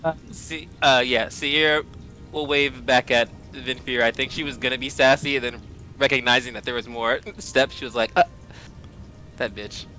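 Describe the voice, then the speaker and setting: A man's voice: mid-range voice, steady tone, normal speed, bright, forceful tone, soft background music. A man playing a tabletop game, talking casually and hesitantly. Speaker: player.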